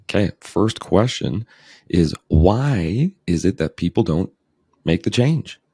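Very deep, husky-voiced man hosting a podcast. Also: expressive, takes it slowly, mellow, dry recording, clean studio sound. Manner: playful, upbeat, self-teasing. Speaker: podcast host. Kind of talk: casual podcast chat.

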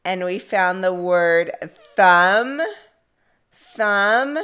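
Young woman speech therapist, slow and deliberate, smooth voice, repeats each practice word for toddlers. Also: mid-range voice, a bit bright. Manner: slow, drawn-out words for children to repeat.

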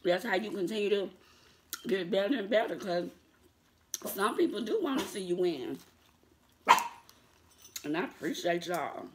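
Against a noisy background, this vlogger's medium-pitched voice is animated but measured, with long pauses. She talks casually to viewers, says y'all, laughs often and pushes back sassily at critics.

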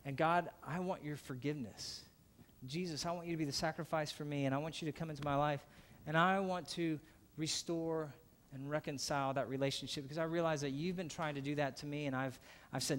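A pastor preaches a sermon in a fairly high voice at a moderate pace. He's earnest, swinging between emphatic passages and hushed, softly spoken ones.

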